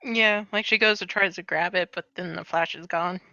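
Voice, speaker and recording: Gravelly, bright-toned woman player. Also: fairly low pitch, fairly even intonation, normal speed, muffled recording. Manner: casual, uses like a lot. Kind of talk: casual tabletop play.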